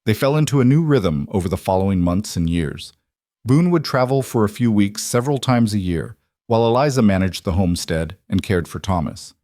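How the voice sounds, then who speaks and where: A man reading a scripted story in an even, measured way. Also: lowish voice, no room sound, clean studio sound. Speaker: narrator. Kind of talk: scripted narration.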